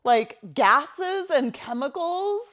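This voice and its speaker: A woman's voice: sits high, lively intonation, slow, fairly bright tone. Easygoing woman podcast co-host. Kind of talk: casual chat.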